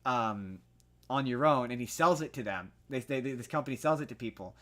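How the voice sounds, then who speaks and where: A man's voice: medium pitch, animated, brisk, a bit bright. A young man on a podcast, recapping a film in a loose, rambling way. He trips over restarts and fillers and grows heated as he argues his point. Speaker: podcast co-host. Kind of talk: casual movie review chat.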